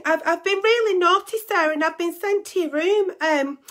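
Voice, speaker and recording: A woman's voice: extremely high pitch, moderate pace, a bit bright, pitched above the performer's own voice. A woman voicing a coy pretend schoolgirl in detention, speaking in a girlish, mock-innocent way.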